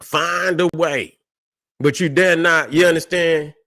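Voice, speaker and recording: A man's voice: fairly high pitch, steady tone, takes it slowly, bright, forceful tone, no room sound, studio quality. A man hosting a livestream, ranting in a combative, profane way and answering chat, with a constant refrain checking that listeners follow. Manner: combative, profane, keeps repeating "you see what I'm saying". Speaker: livestream host.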